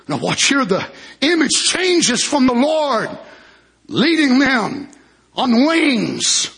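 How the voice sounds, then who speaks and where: A man preaching a fervent sermon, often breaking into shouted hallelujahs. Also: very high-pitched, very animated, unhurried, slightly rough.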